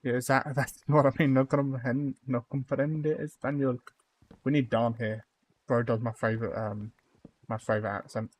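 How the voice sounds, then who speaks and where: A man's voice: medium pitch, flat delivery, brisk. A young man live-streaming a building game, chatting casually with viewers and rambling through lots of fillers and restarts.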